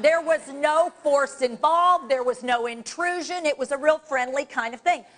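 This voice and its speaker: A woman trainer speaks at a live workshop, direct and energetic as she coaches the audience through exercises. Her voice sits fairly high, and she talks to the room from the front of a presentation space. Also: normal speed, hardly any pauses. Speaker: dementia care trainer.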